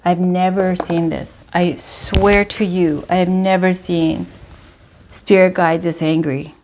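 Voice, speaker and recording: A woman's voice: fairly low pitch, steady tone, takes it slowly, darkish tone, a little hiss or hum. A woman giving a casual tarot reading to camera, talking emphatically and repeating herself with lots of "you know" and "like". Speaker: tarot reader.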